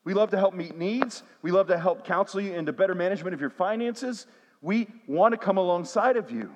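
A man's voice: sits high, lively intonation, a little fast, a little mellow, lo-fi sound. A man, a pastor preaching a sermon with call-and-response refrains. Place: church sanctuary. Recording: long hall reverb.

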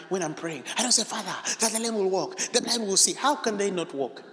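A man preaching a charismatic sermon, emphatic and animated, breaking into shouts and asking the congregation questions. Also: sits high, a little hiss or hum. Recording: echoey hall.

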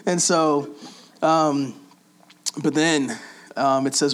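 A man preaching in a relaxed, conversational way, reading scripture aloud and explaining it with frequent pauses and fillers. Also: mid-range voice. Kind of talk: casual Bible teaching.

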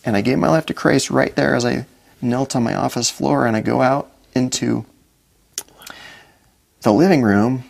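A man's voice: mid-range voice, moderate pace, vocal fry, long pauses. A middle-aged man, a podcast guest, earnestly telling his own story and acting out what he and others said. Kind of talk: personal story in a podcast interview.

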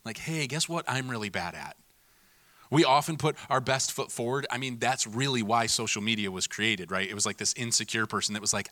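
Male pastor, casual sermon delivery, bright tone, dry close sound. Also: mid-range voice, fairly quick, no room sound. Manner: animated, mimics people in voices, laughs at himself.

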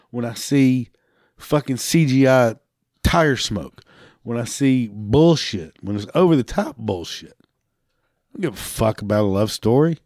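A man's voice: mid-range voice, a little mellow, dry recording. Guy ranting and cussing nonstop, dry mic, laughs here and there. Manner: angry, swearing heavily, laughing between lines. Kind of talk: profane rant.

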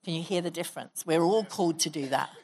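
A woman pastor preaches to her congregation in a fairly low voice. She exhorts her listeners and leads them in spoken prayer. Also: fast talker, darkish tone, breathy edge. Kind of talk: sermon with prayer and prophecy. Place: church hall.

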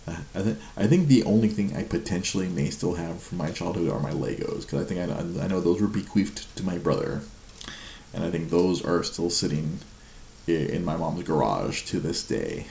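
Deep gravelly man laughing through chat. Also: moderate pace, roomy sound, a little hiss or hum. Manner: laughs a lot, self-mocking and animated. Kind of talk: casual chat. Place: home at night.

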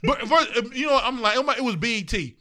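Very high, bright-voiced man. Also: normal speed. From US Midwest. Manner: animated, profane storyteller who laughs a lot. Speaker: podcast co-host. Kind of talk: casual podcast banter.

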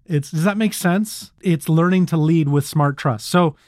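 A man hosting a leadership podcast, talking in an animated way and acting out little quotes. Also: a little high, unhurried, no room sound, clean studio sound. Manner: animated, acts out quotes, laughs easily. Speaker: podcast host.

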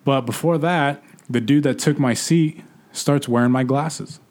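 A young man casually telling a bar story in a relaxed chat, swearing freely. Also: medium pitch, unhurried. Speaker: podcast co-host telling a story.

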